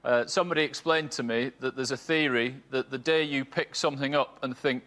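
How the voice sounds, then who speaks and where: A man's voice: mid-range voice, fairly even intonation, a little fast, a bit bright. Dry-voiced male comedian in his thirties. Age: 30s. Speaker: comedian panelist. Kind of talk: stand-up routine on a TV panel show.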